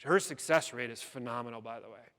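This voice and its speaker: A keynote speaker with a mid-range, slightly bright voice talks briskly, recounting a story dramatically and voicing the people in it. The recording carries long hall reverb.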